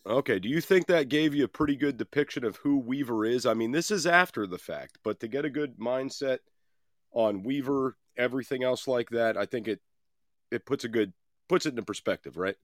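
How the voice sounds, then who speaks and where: A man's voice: mid-range voice, animated, brisk, no room sound, clean studio sound. A man hosting a podcast, telling a story in a casual, conversational way with frequent restarts and some swearing. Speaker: podcast host.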